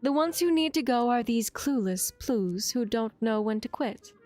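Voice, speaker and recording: A woman's voice: a little high, lively intonation, normal speed, warm tone, faint music behind, pitched above the performer's own voice, natural voice. A woman voicing a cool, scheming female spy with a teasing manner. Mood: mocking.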